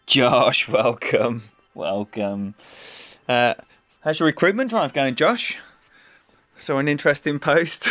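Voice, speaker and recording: A man's voice: medium pitch, expressive, takes it slowly, long pauses, fairly bright tone, no echo. A man giving live gameplay commentary and chatting with his viewers by name, laughing easily. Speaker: game streamer. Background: faint game music.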